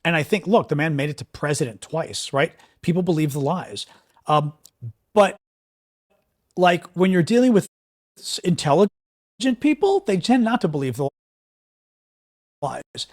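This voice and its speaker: A man's voice: fairly high pitch, animated, moderate pace, long pauses. A man reading headlines on a livestream and commenting on them in a sarcastic, exasperated way, with many fillers and restarts.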